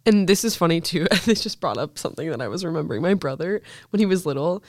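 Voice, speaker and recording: A woman's voice: fairly low pitch, lively intonation, fast talker, no echo, studio quality. A young woman co-hosting a podcast in casual chat, teasing her friend and laughing easily. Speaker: podcast co-host.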